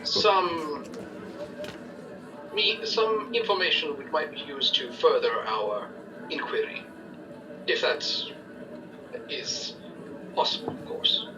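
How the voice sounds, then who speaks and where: A man's voice: fairly high pitch, slow pace, long pauses, dull audio. A man playing a courteous noble adventurer in a tabletop game, speaking formally and at length. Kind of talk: tabletop role-play. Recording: distant mic with noise.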